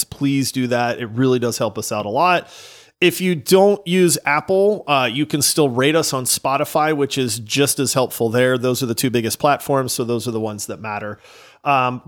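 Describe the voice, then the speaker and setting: A man co-hosting a gaming podcast, chatting casually, laughing often and reading out listener reviews. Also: medium pitch. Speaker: podcast co-host.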